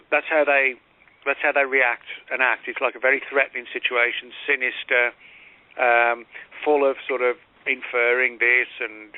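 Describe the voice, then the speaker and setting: A man's voice: mid-range voice, dry recording. Man explaining over a tinny phone line. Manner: measured, explanatory, with frequent fillers and restarts. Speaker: guest author. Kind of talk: call-in radio interview.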